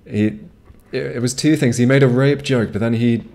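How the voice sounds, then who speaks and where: Speaking at a normal speed with vocal fry and a darkish tone, this mid-range male gamer streams his playthrough on a home microphone. His commentary is loose and rambling, full of profanity and false starts.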